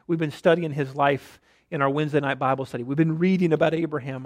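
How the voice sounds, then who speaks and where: A male pastor preaching a sermon with rhetorical questions, rising to emphatic lines and dropping to a hush. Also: high-pitched. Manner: dynamic preaching, rhetorical questions, drops to near-whisper for emphasis.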